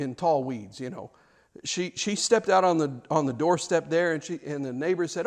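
High-voiced preacher telling stories. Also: male voice, animated, normal speed, a little mellow. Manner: storytelling with repeated words and rhetorical questions. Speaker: pastor. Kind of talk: sermon.

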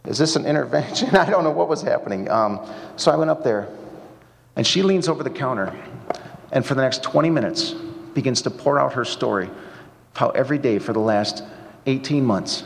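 A man's voice: medium pitch, big-room sound. A male pastor giving a sermon, telling stories in a chatty way with wry asides. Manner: conversational storytelling with wry asides. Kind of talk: sermon at a seminar.

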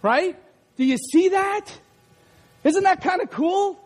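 A male pastor in his thirties preaching a lively sermon, acting out scenes and shouting at the peaks. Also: very high voice, slow. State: out of breath after acted run.

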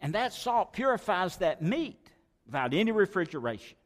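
A man's voice: sits high, very animated, normal speed, in a large hall. A man preaching a sermon, emphatic and repeating key phrases for weight. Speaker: pastor.

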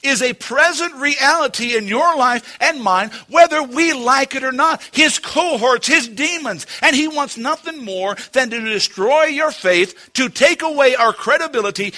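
A male pastor delivers a sermon with a high voice. His tone is bright and forceful. He leans on dramatic pauses, rising to loud emphasis and then dropping to a hush. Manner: preaching with dramatic pauses and shifts from loud to hushed. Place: church.

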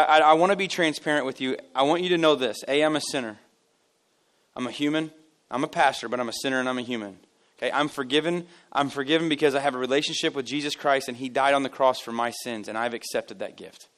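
Joking, animated male pastor preaching. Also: a little high, quick pace. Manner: animated, joking, self-deprecating storyteller. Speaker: lead pastor. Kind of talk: casual conversational sermon. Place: church service.

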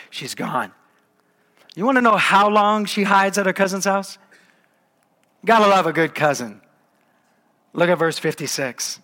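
Male pastor, sermon, conversational, animated storytelling, slightly high voice.

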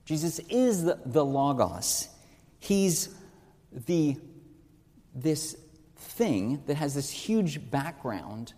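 A man's voice: a little high, darkish tone. Man preaching a sermon in a hall. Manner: earnest teaching tone, rhetorical questions, stresses key words.

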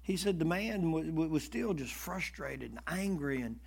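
High-voiced animated male preacher. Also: normal speed, creaky. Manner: animated, swings between loud and hushed; stammers and repeats words. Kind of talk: sermon storytelling.

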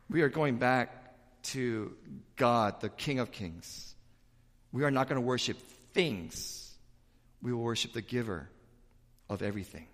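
A man preaching to his congregation, his voice sitting mid-range and rising into loud, emphatic bursts. Long reverb from the church room trails after each phrase. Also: mid-range voice. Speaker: pastor. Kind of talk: sermon. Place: church sanctuary.

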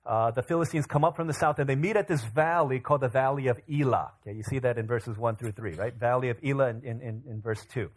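A male pastor preaching a sermon in an animated, casual storytelling way. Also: mid-range voice, fast talker, few pauses.

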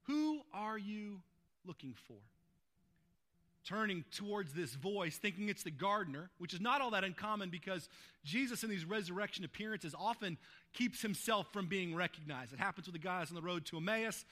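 Male pastor, high-pitched, conversational sermon delivery, keeps asking the room "right?". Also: a little fast, bright, forceful tone. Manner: informal, asks "right?" to the listeners.

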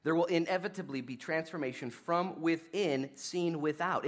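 A man preaching a sermon in a casual, conversational way, swinging between loud emphatic bursts and hushed asides, talking fast and laughing at his own jokes. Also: fairly high pitch. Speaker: pastor.

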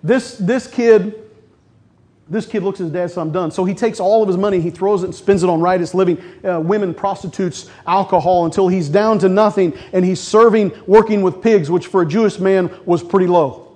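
A man's voice: high voice, fairly quick, warm tone. A middle-aged man preaching a sermon as pastor, talking conversationally, cracking jokes and acting out quotes.

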